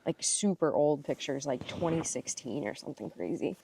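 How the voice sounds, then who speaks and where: A woman's voice: deep voice, normal speed, far from the mic, a loud crowd. A woman co-hosting a casual podcast from a boat on a marsh, telling family stories and acting out the voices she quotes. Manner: animated storyteller, acts out quoted lines. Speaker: podcast co-host. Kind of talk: casual chat.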